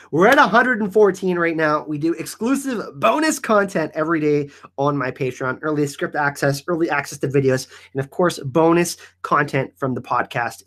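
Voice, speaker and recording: An energetic man hosting a casual live-stream Q&A, rambling with many restarts. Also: on the high side. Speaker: YouTube channel host.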